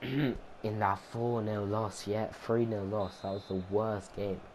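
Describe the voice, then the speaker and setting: A man's voice: lowish voice, steady tone, takes it slowly, darkish tone, rough recording. A young man casually commentating his football game footage, rambling and chatty with many ums and restarts. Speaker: gaming commentator. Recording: noticeable background noise.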